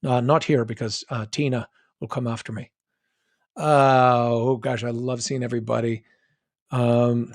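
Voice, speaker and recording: An American man with a General American accent answering fan questions on a live stream, chatty and joking, with quick asides and restarts. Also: medium pitch, flat delivery. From United States. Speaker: guest voice actor answering fan chat. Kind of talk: live stream Q&A, reading chat questions aloud.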